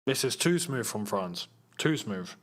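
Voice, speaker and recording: A man's voice: on the low side, sing-song, unhurried, a bit bright. A young man hosting a live football watchalong, chatting casually, laughing often and reading viewer comments aloud.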